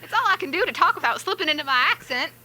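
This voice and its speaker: A woman's voice: high voice, lively intonation, rapid-fire, noisy background, voice pushed up. Woman putting on a folksy Southern farm boy. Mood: boastful. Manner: folksy, exaggerated drawl. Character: young male country farm boy, boastful.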